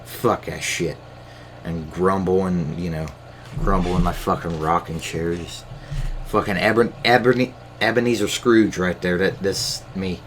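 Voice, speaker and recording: Low-voiced man on a profane rant. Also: steady tone, a little slow, a bit bright, slight background noise. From United States. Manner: profane, ranting, rambling with many fillers and restarts. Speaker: podcast host. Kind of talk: casual solo rant.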